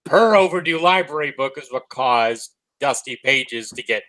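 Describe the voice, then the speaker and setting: Bright-voiced man chatting about a cartoon. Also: mid-range voice, animated, poor audio. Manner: laughs often, retells scenes in quick acted quotes. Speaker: co-host of a cartoon review show. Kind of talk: casual review chat.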